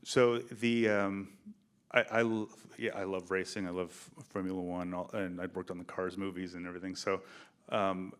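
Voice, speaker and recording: A man with a fairly low voice tells behind-the-scenes stories at a film festival Q&A. He talks in a relaxed, animated way and jumps into quoted lines as he goes. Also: moderate pace, clean tone. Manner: animated storyteller, acts out quoted dialogue. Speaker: film director. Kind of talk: festival Q&A interview. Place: theater stage, in front of an audience.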